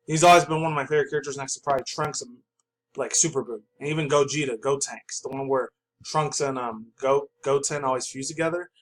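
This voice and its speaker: A man's voice: mid-range voice, fairly even intonation, fast, a little hiss or hum, poor audio. A young adult man hosting a pop culture channel, rambling through news articles in a loose, casual way with lots of fillers and swearing.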